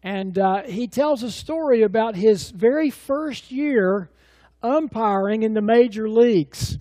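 A middle-aged pastor with a high, mellow voice preaches a little slowly, telling stories in a folksy, rambling way packed with fillers and restarts. The audio is close and dry, with no room sound.

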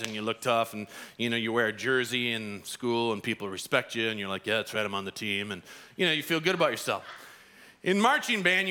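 A man's voice: a little high, pushed and bright. A man preaching a sermon as pastor, telling a personal story with acted-out quotes. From Arizona.

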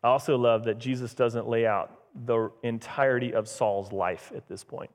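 A man's voice: mid-range voice, steady tone, normal speed. A man preaching a casual, conversational sermon as pastor, acting out the voices in the scripture he reads. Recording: long church reverb.

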